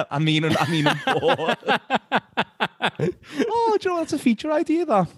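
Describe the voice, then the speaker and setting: Man, co-host, jokey banter, lively upward voice, dry close sound. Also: extremely high pitch, slow, husky, no room sound. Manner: jokey, laughs often, stumbles and restarts. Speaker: podcast co-host. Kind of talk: casual chat.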